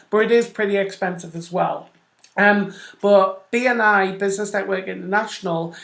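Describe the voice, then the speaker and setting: A woman hosting an online radio show, chatting casually and addressing listeners directly as she explains business networking with made-up examples. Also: mid-range voice. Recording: roomy echo.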